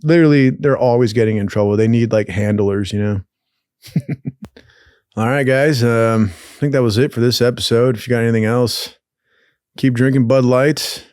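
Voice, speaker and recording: A young man spins a rowdy, profanity-laced story in a loose, animated way, slipping into other people's voices now and then. His pitch sits in the middle range. The recording is dry and close, with no room sound. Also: moderate pace, clear, resonant tone, no echo. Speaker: podcast host. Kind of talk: casual storytelling.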